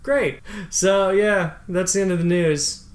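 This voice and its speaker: A man's voice: sits high, slow, a little hiss or hum. A young man co-hosting a casual movie podcast, laid-back and wry, often hesitant as he talks. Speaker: podcast co-host. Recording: echoey room.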